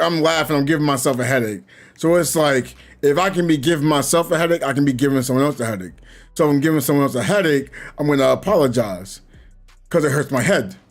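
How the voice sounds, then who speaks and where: A young man chatting casually to his viewers while gaming, laughing constantly and rambling between bursts of giggles. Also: fairly high pitch. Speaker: gaming streamer.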